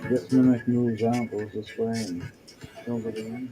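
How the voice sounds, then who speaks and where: A man's voice: medium pitch, level tone, poor audio. Chatty man running a tabletop game. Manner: chatty, halting with fillers. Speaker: game master. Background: music.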